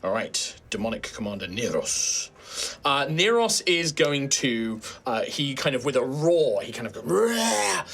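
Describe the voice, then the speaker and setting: A man's voice: medium pitch, animated, moderate pace, few pauses, a bit bright. Rambling man running a tabletop game. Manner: rambling, filler-heavy explanations. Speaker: game master. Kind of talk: narrating and ruling a tabletop game.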